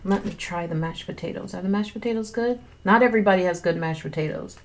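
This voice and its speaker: A woman's voice: medium pitch, quick pace, a little hiss or hum. A woman streamer in casual chat, eating as she talks, chewing between words and speaking candidly into a close mic. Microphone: close desk mic. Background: faint music.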